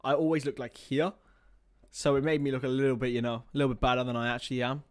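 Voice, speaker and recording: A man's voice: mid-range voice, little pitch movement, fast talker, no room sound. A young man chats loosely on a live stream, joking about himself and answering viewer comments. His voice sits in a middle register. It is recorded dry and close on a computer mic at home. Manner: chatty, rambling, self-mocking, reads chat aloud. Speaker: livestream host. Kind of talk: casual live-stream chat. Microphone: webcam or computer mic.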